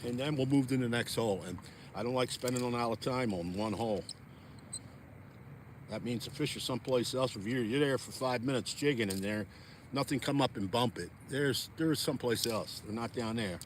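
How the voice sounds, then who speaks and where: A folksy man vlogs from a frozen lake, talking casually and directly to his viewers as a fishing vlogger. He has a medium-pitched voice at a moderate pace, with slight background noise.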